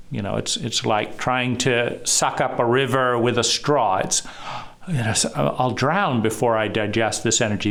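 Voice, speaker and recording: A man speaks about trauma in a slow, unhurried way, leaving long pauses between his phrases. His tone is measured and reflective, and his voice sits at an ordinary middle pitch. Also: gravelly, a bit bright. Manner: slow, measured, pausing often. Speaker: trauma educator. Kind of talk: reflective solo talk.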